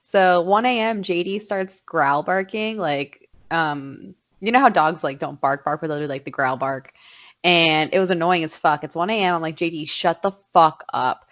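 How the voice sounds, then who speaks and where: A woman's voice: sits low, moderate pace, fairly bright tone. A young woman co-hosting a podcast, telling a story in casual, profane chat and laughing often. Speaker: podcast co-host. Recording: dull lo-fi podcast audio.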